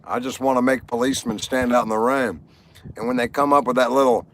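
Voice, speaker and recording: A man with a mid-pitched, everyday voice hosts a live stream. He rambles through personal stories and jokes, talks casually to the viewers, and laughs at his own punchlines. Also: fairly even intonation, fast. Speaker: livestream host. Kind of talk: casual joke-telling livestream.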